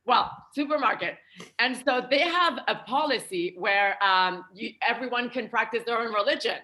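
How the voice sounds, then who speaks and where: A young woman from France performs a stand-up set in a bright voice that sits a little high. Her delivery is chatty and playful, with light laughter running through it. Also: normal speed. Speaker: stand-up comedian.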